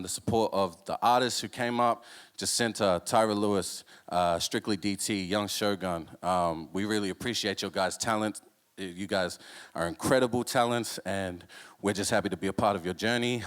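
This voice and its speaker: A man's voice: on the low side, smooth. A man on a live event stage, rapping and talking to the crowd in a casual, thankful way. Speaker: rapper and event organizer. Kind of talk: live stage talk and rap performance. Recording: live venue with loud music. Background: loud hip hop music.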